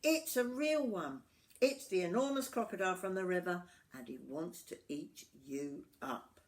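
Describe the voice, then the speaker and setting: A woman's voice: lowish voice, expressive, measured pace, far from the mic. A woman voicing a round, cheerful bird in a storybook, calling out warnings in a sing-song way.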